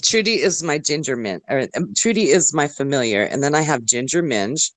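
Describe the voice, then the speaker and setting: A woman's voice: extremely low pitch, animated, normal speed. A woman from Germany with German as her first language, chatting casually and rambling with lots of likes and you knows in a group voice chat. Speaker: voice chat participant. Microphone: online voice chat mic.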